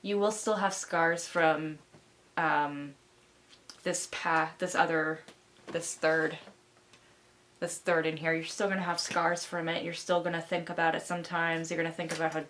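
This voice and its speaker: A woman's voice: deep voice, little pitch movement, measured pace, fairly bright tone, slight background noise. A young woman giving a pick-a-card tarot reading, talking in a rambling, reassuring way with many fillers. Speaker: tarot reader.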